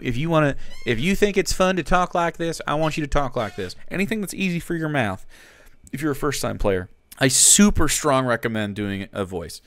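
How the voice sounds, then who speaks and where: A man's voice: mid-range voice, fairly bright tone, dry recording. A man hosting a live stream, reacting to a clip in a blunt, profane rant. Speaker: streamer host.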